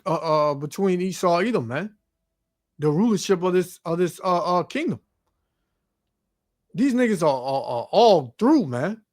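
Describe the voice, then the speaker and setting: A man with a high-pitched voice preaches over news clips. He reads scripture aloud and stammers through his fillers. He ends nearly every phrase with "man". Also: no echo, clean studio sound. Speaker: street preacher.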